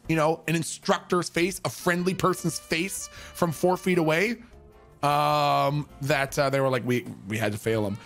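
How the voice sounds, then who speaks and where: A man's voice: fairly high pitch, a bit bright. A man telling a story in a casual, profane, rambling way, full of restarts.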